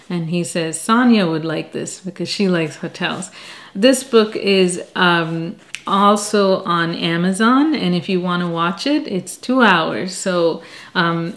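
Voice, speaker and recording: A middle-aged woman chatting casually about books she has read, self-deprecating, with animated asides. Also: mid-range voice. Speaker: book reviewer. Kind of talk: casual chat.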